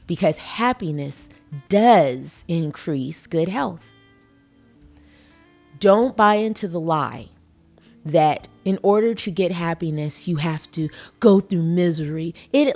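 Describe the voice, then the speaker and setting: A woman's voice: fairly low pitch, a little mellow. A middle-aged woman hosting a motivational podcast, earnest and folksy, talking with emphatic conviction. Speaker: podcast host.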